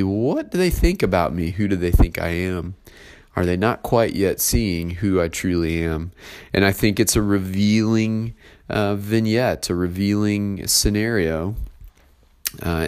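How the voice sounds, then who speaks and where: A man preaching a sermon, reading a Bible passage and then explaining it in a relaxed, conversational way with frequent filler words. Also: low voice. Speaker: pastor.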